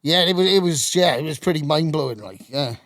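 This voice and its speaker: A middle-aged man, a podcast guest, telling animated anecdotes and swearing constantly in casual storytelling. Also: fairly high pitch, fairly quick, no echo, clean studio sound.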